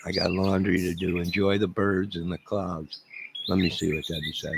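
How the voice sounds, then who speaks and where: A man's voice: low voice, little pitch movement, normal speed, vocal fry, background noise. A middle-aged man hosting a live stream, rambling and joking as he answers his chat. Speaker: livestream host. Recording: loud birdsong behind voice. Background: loud birds chirping.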